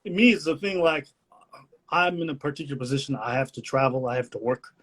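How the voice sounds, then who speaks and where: A man's voice: medium pitch, fairly even intonation, a little fast, a bit bright. A man hosting a live stream, talking in a candid, rambling, joking way. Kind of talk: casual live-stream chat.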